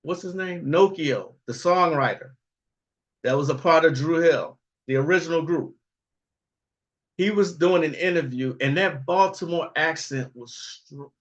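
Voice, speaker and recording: A man drawls slowly through a rambling livestream chat, chuckling as he goes and checking in with his listeners. His voice sits somewhat high for a man. The sound is muffled and lo-fi. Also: a bit bright. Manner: rambling, frequent chuckles, tag questions. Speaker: livestream host. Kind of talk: casual livestream talk answering chat.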